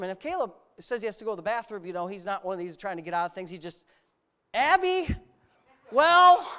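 A middle-aged male pastor with a notably high voice delivers an animated sermon. He swings between sarcastic asides and rising, near-shouted exhortations. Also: smooth.

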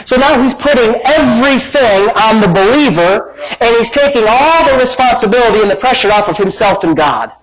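A man preaching a sermon as pastor, building to emphatic shouts and joking asides. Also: very high voice, expressive, brisk, hardly any pauses, rough recording.

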